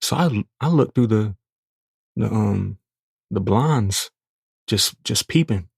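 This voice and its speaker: A young man, hosting a podcast and telling a crude, profane story in a casual, animated way. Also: on the low side, takes it slowly, creaky, slightly rough, no echo, studio quality. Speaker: podcast host.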